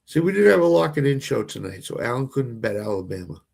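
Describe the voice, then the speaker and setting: A man's voice: medium pitch, very animated, fast, vocal fry, darkish tone, slightly rough. A man with a Boston accent, co-hosting a casual sports watch-along, opinionated and often restarting his sentences. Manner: opinionated, repeats and restarts phrases. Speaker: co-host.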